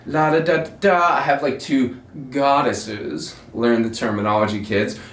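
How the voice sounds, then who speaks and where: A man hosts his own show and tells a long personal story in a casual monologue that rambles, swears, and pokes fun at himself. His mid-range voice stays steady and a little slow, heard through a distant mic in an echoey room.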